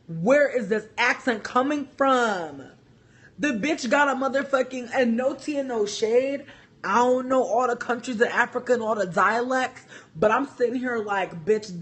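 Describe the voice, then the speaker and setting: A man with a high, husky voice talks straight into his phone on a casual livestream. He swears freely and rambles, circling his points with constant filler words. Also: a bit bright. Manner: profane, rambling, heavy use of "like". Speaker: vlogger.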